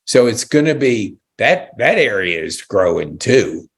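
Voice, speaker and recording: A man's voice: fairly low pitch, sing-song, measured pace, gravelly, breathy edge. A man hosting a casual interview podcast, chatty and enthusiastic with frequent exclamations. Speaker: podcast host.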